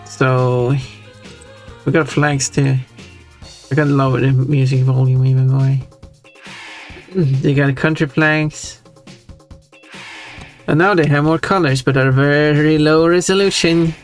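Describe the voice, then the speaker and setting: A woman with a low-pitched voice streams a game, browsing options while chatting casually in a relaxed, unhurried way. She pauses often and laughs now and then, with game music playing in the background.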